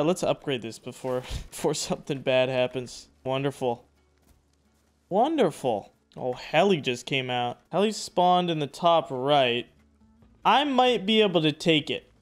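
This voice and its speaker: A young man giving casual, excitable commentary over his own survival game playthrough, loose and slangy. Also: fairly high pitch, a little slow. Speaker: gaming YouTuber. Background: background music.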